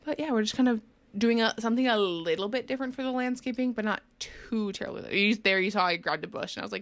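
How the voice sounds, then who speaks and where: A woman's voice: medium pitch, fairly quick, vocal fry, no room sound. A young woman commenting casually over a game build, chatty and rambling with many fillers, sounding sleepy. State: sleepy, yawning. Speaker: gaming channel host.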